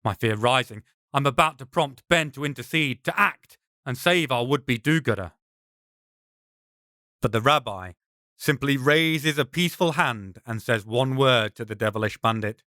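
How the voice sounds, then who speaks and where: A man's voice: mid-range voice, expressive, normal speed, bright, forceful tone, no echo, studio quality. A man, the author, reading his own novel aloud in dramatic, tense first-person audiobook narration.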